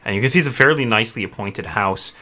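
Male game master, bright tone, loose rambling narration full of ums. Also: fairly low pitch, fast talker. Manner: relaxed, rambling with many fillers.

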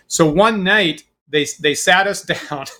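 Middle-aged man, rambling storyteller, bright voice, casual podcast chat. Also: high-pitched, slow pace. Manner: rambling storyteller, many fillers and restarts. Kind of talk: casual conversation.

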